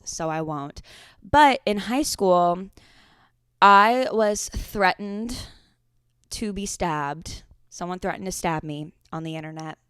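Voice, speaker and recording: Her voice medium in pitch, smooth and a bit bright, a twentysomething woman spins chatty stories on her own casual podcast and swears often. The audio is studio quality, with no room sound.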